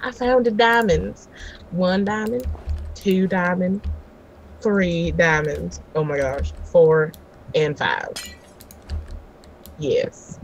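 A chatty woman from California talks through a let's-play in a loose, excitable way, gasping and laughing as she goes. Her voice sits fairly low for a woman, with a faint hiss of noise under it. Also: very slow, pauses often, muffled recording. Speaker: co-host of a gaming series. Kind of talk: casual let's-play chat.

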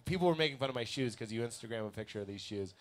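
Hosting a live comedy podcast from a restaurant basement, a man talks in an animated, rapid-fire way at medium pitch. He's playful and laughs often.

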